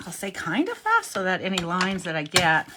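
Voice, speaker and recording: Speaking at a moderate pace with huge swings in her fairly low pitch, a middle-aged cardmaking instructor teaches casually at her craft table over very noisy audio. She's chatty, thinks out loud while working, and frequently corrects herself.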